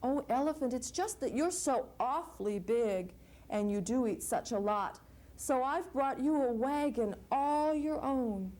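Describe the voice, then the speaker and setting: A woman's voice: high voice, lively intonation, a little slow, a little mellow. A woman doing a cheerful storybook zookeeper. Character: kind, cheerful male zookeeper. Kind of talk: reading a picture book aloud.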